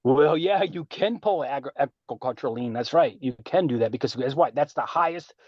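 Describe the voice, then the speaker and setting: A man speaking on a group call in a boastful, animated way with streetwise slang, lecturing and taking questions. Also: medium pitch, a little fast, no echo, highs cut off. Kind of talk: casual lecture and Q&A.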